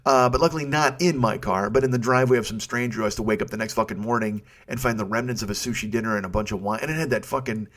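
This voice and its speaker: A man's voice: medium pitch, racing, few pauses, a bit bright. Exasperated, foul-mouthed storytelling man. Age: 40s. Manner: exasperated, swears constantly, rambling. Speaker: comedian podcast host. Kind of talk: profane storytelling monologue.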